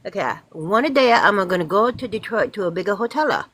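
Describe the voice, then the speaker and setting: A woman's voice: medium pitch, lively intonation, brisk, a bit bright, slightly rough, low-quality recording. A woman putting on an Italian man's voice, telling a crude joke in broken English. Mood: joking.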